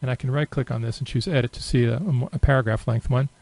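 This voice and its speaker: Working through a software tutorial via screen capture, a man speaks loosely and unscripted, thinking aloud amid frequent fillers. He's a fast talker with a mid-range voice, recorded without echo but with poor audio.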